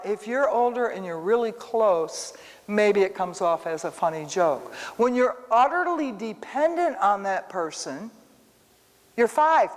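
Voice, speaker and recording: A woman teaching a casual sermon full of personal stories, talking straight to her listeners. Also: mid-range voice. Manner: animated storytelling, talks to the room. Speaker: Bible teacher. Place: church hall. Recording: reverberant church hall.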